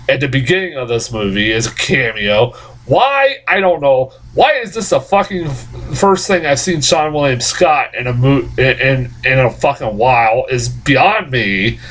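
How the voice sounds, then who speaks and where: A man's voice: mid-range voice, a bit bright. Man, casual film reviewer, blunt and profane, stammery restarts. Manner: exasperated, blunt. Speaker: movie reviewer.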